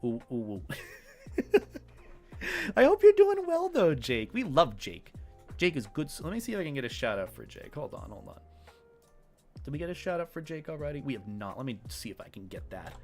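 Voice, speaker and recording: A man's voice: a little high, huge pitch swings, fairly quick, a little mellow, faint music behind. A man chatting casually on a live stream, rambling playfully and talking to his chat, with his words tumbling over each other. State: hiccups.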